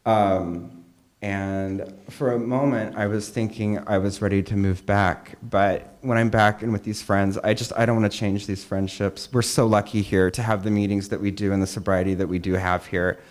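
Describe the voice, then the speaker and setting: A young man with a fairly low voice shares his story at a meeting. He talks candidly and mocks himself, with plenty of fillers and asides. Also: steady tone, normal speed. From California. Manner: candid, self-mocking, conversational with frequent fillers. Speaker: meeting speaker. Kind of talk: personal recovery talk. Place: meeting hall.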